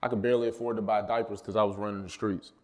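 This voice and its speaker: A man's voice: on the low side, little pitch movement, rapid-fire. A man in his thirties giving a casual, personal talk at a college mental health event, telling family stories and calling out to the audience. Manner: casual, personal storytelling with call-and-response asides. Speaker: speaker at a mental health summit. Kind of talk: motivational talk to students.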